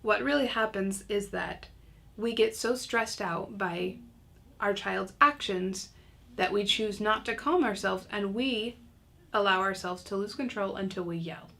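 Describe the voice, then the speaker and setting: A woman's voice: medium pitch, measured pace, creaky, a bit bright. A woman teaching a recorded parenting lesson in a casual, chatty way with self-mocking humor.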